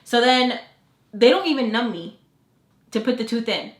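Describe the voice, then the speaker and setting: A young woman vlogger telling a story to the camera in a chatty, animated way, full of fillers. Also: a little high, normal speed. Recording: echoey room.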